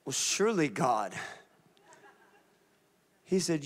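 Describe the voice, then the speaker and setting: A man, a pastor preaching a sermon, moving from relaxed storytelling to shouted declarations. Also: high voice, unhurried, long pauses. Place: church sanctuary.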